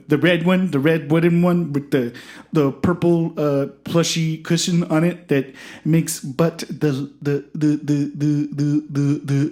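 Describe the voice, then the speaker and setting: A performer voicing an excitable, clueless sports talk show host who rambles loudly in a comedy podcast sketch. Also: mid-range voice, close to an everyday voice.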